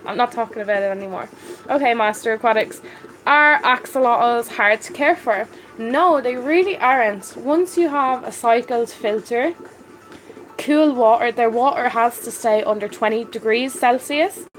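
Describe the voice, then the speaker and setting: A woman from Ireland with a Dublin accent, chatting casually on a live stream and answering viewer comments with excited warmth. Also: fairly high pitch, normal speed, poor audio. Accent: Dublin Irish. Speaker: fish-keeping live streamer.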